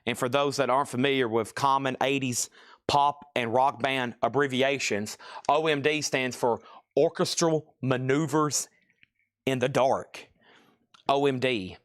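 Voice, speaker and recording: A man with a Southern Tennessee accent hosting a live-stream record sale, calling out prices briskly with joking asides. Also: medium pitch, no room sound, studio quality.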